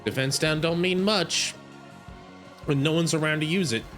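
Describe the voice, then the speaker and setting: A man streaming a video game, making joking, animated asides as he plays. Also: fairly high pitch, moderate pace, soft background music. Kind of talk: casual gameplay commentary.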